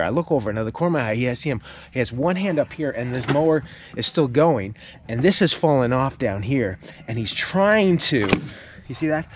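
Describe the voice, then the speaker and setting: A man preaching a sermon as pastor, moving from a quiet personal story into emphatic teaching. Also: mid-range voice, slightly rough. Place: church sanctuary. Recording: echoey church hall.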